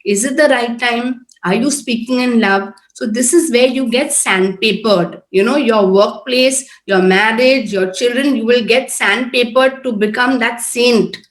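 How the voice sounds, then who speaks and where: Earnest higher-voiced woman preaching. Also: a little slow, few pauses. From Oman-based, Indian. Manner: earnest, conversational, repeats tag questions. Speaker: prayer group speaker. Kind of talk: informal sermon talk. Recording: echoey room.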